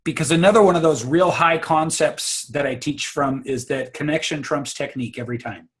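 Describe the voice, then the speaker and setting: Male speaking coach, emphatic, slightly higher voice, on a call. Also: brisk. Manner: confident, emphatic, repeats words. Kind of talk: casual advice on a video call.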